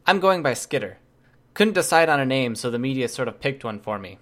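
A man's voice: mid-range voice, sing-song, a little fast, fairly bright tone. A man reading aloud, voicing a cautious, wry teenage girl with a dry, lightly humorous delivery. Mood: friendly. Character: young teen girl heroine, wry and cautious.

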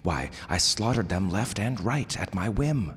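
A man doing a rumbling old fiery god. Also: expressive, a little slow, breathy edge, in a large hall, heavily acted. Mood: indignant. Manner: rumbling, indignant. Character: ancient fiery bearded male god, blustering and vain.

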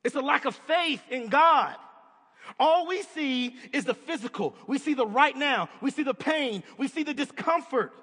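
A man's voice: very high voice, lively intonation, moderate pace, a bit bright. A man preaching a sermon in a conversational, emphatic way, putting questions to his listeners. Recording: long hall reverb.

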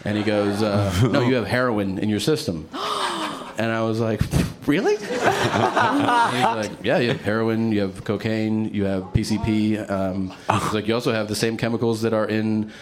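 A man's voice: lowish voice, lively intonation, moderate pace. A man telling a long personal story in casual chat, laughing often and acting out what others said, with frequent fillers.

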